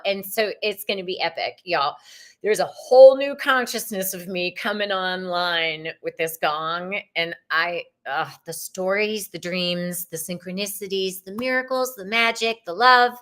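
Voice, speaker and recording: A woman's voice: mid-range voice, normal speed, a bit bright. A woman giving tarot readings live, chatting casually with viewers in a bubbly, spiritual way. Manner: chatty, bubbly and spiritual, with frequent likes and ums. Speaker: tarot reader hosting a live stream. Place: living room at home.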